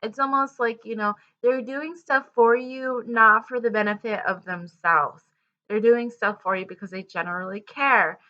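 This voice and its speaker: A woman talks through a tarot love reading in a loose, rambling way, full of fillers and restarts. Her voice is bright and forward, and the recording sounds slightly muffled and lo-fi. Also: on the high side, steady tone, moderate pace. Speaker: tarot reader. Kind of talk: casual tarot reading to camera.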